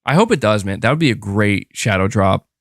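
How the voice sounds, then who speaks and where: A man's voice: on the low side, lively intonation, brisk, a bit bright, no echo, studio quality. A man streaming and chatting with his viewers in a casual, rambling way, with many fillers and restarts. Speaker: streamer reading chat. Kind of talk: casual livestream chat.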